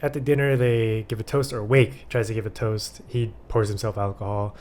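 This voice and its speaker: A man's voice: fairly low pitch, flat delivery, normal speed, a little mellow. A man hosting a casual film discussion podcast, talking animatedly with lots of "like" and acting out quotes. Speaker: podcast host.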